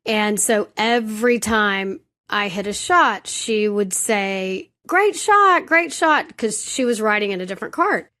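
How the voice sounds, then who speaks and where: A woman co-hosting a talk show tells a personal story in a relaxed, chatty way. She talks at a medium pitch and keeps restarting and correcting herself. She pokes fun at herself as she goes. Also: unhurried, few pauses. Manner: animated, self-deprecating, many restarts. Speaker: podcast co-host. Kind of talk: casual conversational storytelling.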